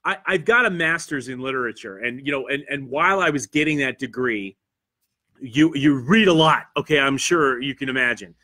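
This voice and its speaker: Bright-voiced Pennsylvania man hosting solo. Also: mid-range voice, lively intonation, moderate pace. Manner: rambling and self-deprecating, with frequent fillers and restarts. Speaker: convention podcast host. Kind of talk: solo livestream chat reading viewer comments. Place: studio.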